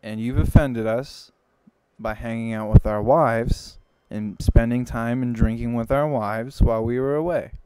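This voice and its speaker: A man's voice: mid-range voice, steady tone, a little slow, darkish tone, clean tone, dry recording, natural voice. A man playing a stern male sheik who speaks in a matter-of-fact, threatening way.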